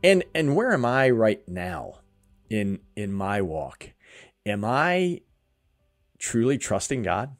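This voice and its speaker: A man's voice: on the low side, very animated, slow pace, faint music behind. A man hosting a faith podcast, telling a story earnestly and acting out what people said. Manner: earnest, emotional, acts out quotes. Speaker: podcast host.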